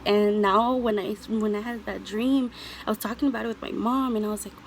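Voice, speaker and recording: A woman's voice: mid-range voice, fairly even intonation, fairly quick, noisy background. A young woman vlogger answering viewer questions, telling a personal story in an earnest, emotional way with many ums and you-knows.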